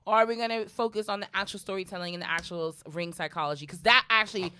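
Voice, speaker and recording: A woman's voice: medium pitch, fast, sharp tone, slight background noise. A woman co-hosting a podcast in casual chat, blunt and profane, laughing often. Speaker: podcast co-host.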